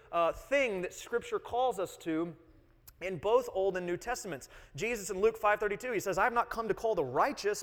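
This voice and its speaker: A man in his thirties preaching a sermon, earnest, explaining and repeating key phrases and putting questions to the congregation. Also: high voice. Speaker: pastor. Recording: long hall reverb.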